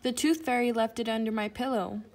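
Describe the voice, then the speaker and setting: A woman's voice: fairly high pitch, steady tone, a little fast, a little mellow, lightly acted. A woman voicing a young boy as a matter-of-fact, exasperated big brother in a storybook read-aloud.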